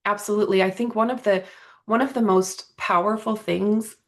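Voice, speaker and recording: A woman's voice: medium pitch, fairly even intonation, normal speed. A woman guest on a podcast, talking earnestly and reflectively about her healing work, often checking in with "right?". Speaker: podcast guest, energy healer. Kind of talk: casual conversational interview.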